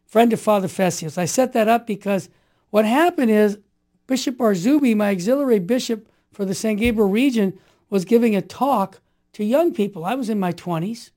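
A man in his sixties telling stories in an interview, emphatic and fervent, building to forceful outbursts. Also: high-pitched, normal speed. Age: 60s. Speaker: guest. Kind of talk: impassioned storytelling in conversation.

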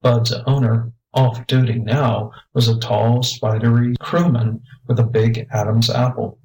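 A man's voice: mid-range voice, flat delivery, measured pace, dark tone, low-quality recording. A man steadily reading a children's space adventure story aloud. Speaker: narrator.

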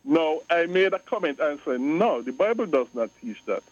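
A man's voice: on the high side, very animated, normal speed, dull audio. A man on a call-in radio show, speaking emphatically and repeating his points. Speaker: radio guest. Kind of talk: call-in talk radio discussion.

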